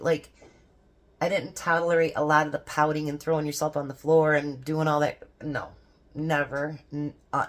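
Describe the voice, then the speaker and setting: Low-voiced chatty grandmother. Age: older. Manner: rambling, chatty, laughs often. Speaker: homestead vlogger. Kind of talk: casual devotional chat.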